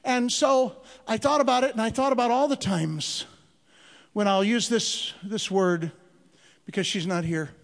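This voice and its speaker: High-pitched male comic, animated church stand-up, hall reverb. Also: gravelly. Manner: animated, drawn-out comic delivery. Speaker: comedian. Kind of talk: stand-up storytelling. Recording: long reverb of a large hall.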